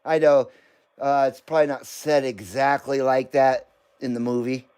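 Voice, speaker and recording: A man's voice: mid-range voice, fairly even intonation, moderate pace, a little mellow, smooth. A middle-aged man hosting a live stream, chatting casually, joking and laughing often as he reads comments.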